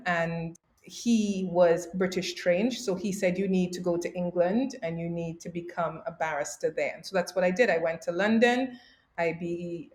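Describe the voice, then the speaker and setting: Middle-aged woman, from Canada, guest storyteller, lower voice, roomy echo. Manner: lively anecdotes with bursts of laughter. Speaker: guest arbitrator. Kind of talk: interview storytelling.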